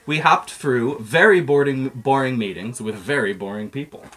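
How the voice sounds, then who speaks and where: A man's voice: mid-range voice, normal speed, a bit bright. A man reading a children's picture book aloud in a playful storytelling manner. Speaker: reader.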